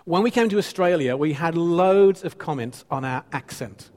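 A man in his fifties preaching a sermon, his fairly high voice carrying a long reverb through a church hall. He teases the congregation playfully and drives points home by repeating phrases. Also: expressive, moderate pace, darkish tone. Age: 50s. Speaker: pastor.

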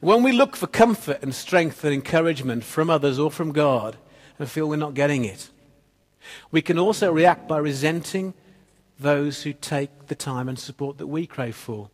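A man preaching a sermon. He tells stories and drops quietly at the ends of phrases. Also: on the high side, expressive, moderate pace, breathy edge. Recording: long reverb of a church hall.

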